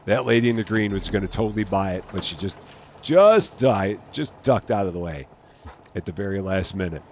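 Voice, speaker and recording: A man's voice: on the low side, brisk, a little hiss or hum. A man hosting a let's-play, chatting casually and narrating each task aloud, often correcting himself. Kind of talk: casual gameplay commentary.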